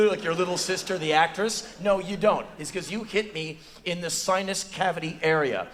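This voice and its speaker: An American man in his forties telling a profane, animated story on a theater stage, acting out other people's lines in a high voice. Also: brisk, few pauses. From United States. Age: 40s. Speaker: spoken word performer. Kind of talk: live spoken word storytelling. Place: theater stage before an audience.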